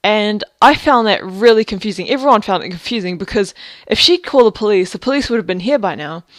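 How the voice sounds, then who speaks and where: A woman's voice: medium pitch, expressive, quick pace, fairly bright tone, no echo, clean studio sound. A young woman, telling a story in a casual video diary. She rambles, swears freely and fills her talk with fillers. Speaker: vlogger.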